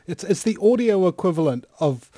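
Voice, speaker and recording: A middle-aged man with a New Zealand accent hosting a talk radio show, joking and growing animated as he presses his points. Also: sits high, normal speed, no echo, clean studio sound.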